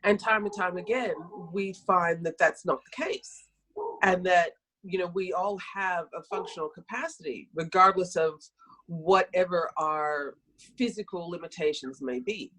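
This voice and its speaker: A middle-aged woman, a health practitioner, talking on a podcast and telling stories from her practice in a lively, self-correcting way. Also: lowish voice, measured pace, rough recording. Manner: storytelling, animated, self-correcting. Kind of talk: conversational podcast talk.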